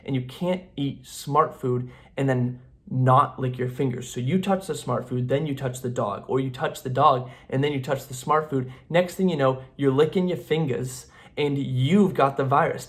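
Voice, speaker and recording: A man's voice: medium pitch, fairly even intonation, normal speed. A man hosting a comedy show, delivering a sarcastic, rambling monologue and acting out both sides of imagined conversations. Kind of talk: comic monologue to camera.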